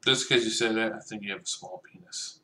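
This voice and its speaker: A man's voice: on the low side, a little fast, pushed and bright, reverberant, a little hiss or hum. A young man giving casual, joking gameplay commentary, profane and chatty as he talks to the other players.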